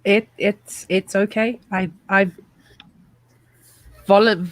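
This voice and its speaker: A woman's voice: medium pitch, fairly even intonation, slow, dry recording, natural voice, rough recording. A woman voicing a nervous, timid young man who stammers through every sentence in a tabletop role-play. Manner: stammering, frightened.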